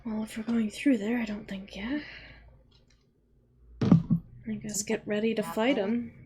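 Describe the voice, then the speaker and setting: A woman plays a tabletop game with friends, talking at a slow, easy pace and laughing between lines. A faint hiss sits under the voice. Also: a little high, steady tone, warm tone. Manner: laughing, playful. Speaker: player. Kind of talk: casual tabletop game play.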